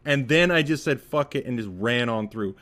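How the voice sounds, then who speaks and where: Man, podcast co-host, casual chat, swears a lot, lively storyteller. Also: medium pitch, moderate pace. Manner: swears freely, animated storytelling.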